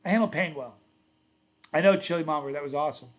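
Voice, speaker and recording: Middle-aged male stream host, a bit higher-pitched, loose rambling storyteller who chats with viewers. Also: quick pace. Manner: rambling, reads viewer comments aloud; storytelling, self-correcting. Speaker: livestream host. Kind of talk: casual livestream chat.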